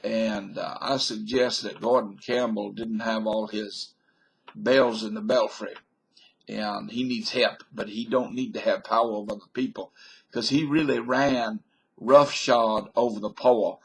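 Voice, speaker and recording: A man's voice: on the low side, steady tone, measured pace, gravelly, breathy edge. An older man, rambling folksy to his webcam with jokes and digressions. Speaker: vlogger. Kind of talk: rambling monologue to camera.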